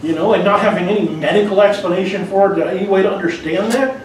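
A man's voice: sits high, fast talker, a little hiss or hum. A man preaching a sermon in an earnest, conversational way, often restarting his phrases. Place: church sanctuary. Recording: very echoey hall, mic far off.

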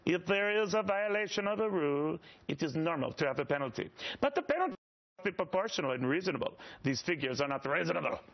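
A man's voice: on the high side, very animated, quick pace, creaky, full character voice. Guy putting on a huffy french minister voice, cheesy fake accent, mock serious, dull tv sound. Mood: mock-indignant. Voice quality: exaggerated put-on French accent.

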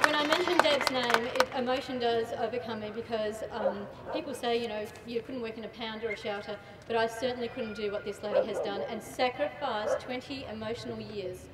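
A woman's voice: fairly high pitch, fairly even intonation, brisk, hardly any pauses, over a noisy crowd, heavy background noise. An Australian woman giving an impassioned rally speech, emphatic and repeating phrases for effect. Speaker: rally speaker. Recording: echoey PA sound from far off, loud ambience.

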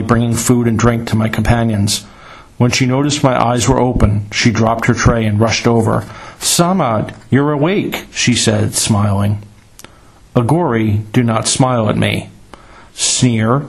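A man reading a first-person adventure story in a measured, dramatic storytelling manner. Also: medium pitch, gravelly, low-quality recording. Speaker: narrator.

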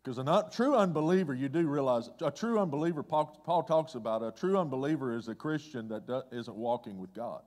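A man preaching a conversational sermon as pastor, swinging between loud excitement and hushed, low asides. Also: a little fast, few pauses. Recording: long hall reverb.

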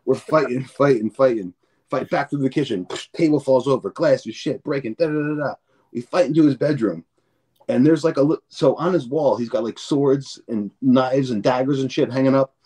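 Medium-pitched, husky, and darkish, his voice keeps a normal speed. He's a guest on a podcast, casually spinning profane, meandering stories and repeating words while performing each scene.

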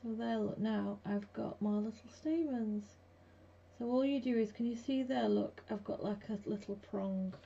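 A woman's voice: on the high side, moderate pace, vocal fry, warm tone, breathy edge. Chatty woman, dull lo-fi sound. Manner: chatty, blunt, chats with viewers while working. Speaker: craft live-stream host. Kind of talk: casual craft demo chat with viewers. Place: home craft room. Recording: dull lo-fi with faint background hiss.

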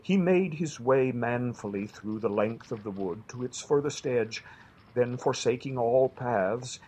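A man reading a classic children's story aloud for his family with gentle, expressive storytelling. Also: medium pitch, measured pace, slightly rough, rough recording. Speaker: reader.

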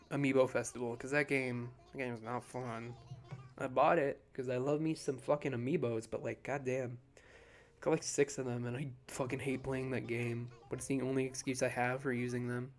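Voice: medium pitch, darkish tone. A let's-play commentator chatting casually at home over gameplay, drowsy and rambling with frequent swearing. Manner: sleepy, profane, rambling.

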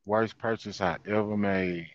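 A man's voice: fairly low pitch, measured pace, no room sound. Dry, lo-fi man telling a story. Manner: animated, repeats phrases, laughs through the story. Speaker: guest. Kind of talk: casual storytelling chat. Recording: dull lo-fi sound, dry.

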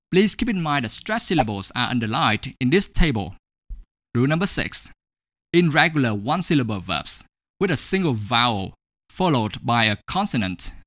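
A man teaching an English grammar lesson, speaking slowly and deliberately and saying each example word twice. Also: medium pitch, pushed and bright, dry recording, clean studio sound.

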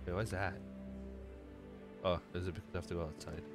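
A man's voice: sits low, level tone, brisk, gravelly, over loud music. A man doing let's-play commentary, rambling and self-deprecating as he chats to himself while playing. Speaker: gamer.

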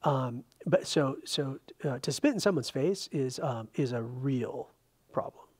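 A man pastor preaching a conversational Bible-study sermon, animated, with frequent restarts and filler words. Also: medium pitch, unhurried, slightly rough. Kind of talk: expository sermon. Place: church sanctuary.

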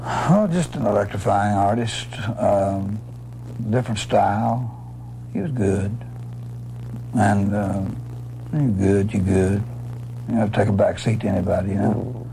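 Gravelly, emphatic male musician. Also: on the low side, a little slow, long pauses, warm tone, slight background noise, poor audio. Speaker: musician guest.

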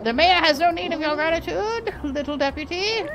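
A woman voicing a lazy, self-important male cat mayor with a low, grand, sleepy manner, reading game dialogue. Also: animated, moderate pace, noisy background. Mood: grandly lazy.

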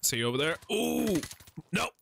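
A man's voice: medium pitch, normal speed, sharp tone, slight background noise. A man streaming a shooter game, giving joking, profane running commentary as he plays. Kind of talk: casual gaming commentary.

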